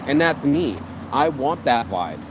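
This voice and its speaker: A man hosting his own vlog, giving a casual motivational rant in an animated, profane, rambling way, speaking outdoors on a city street. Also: mid-range voice, unhurried. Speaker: vlog host. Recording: outdoor street with passing traffic.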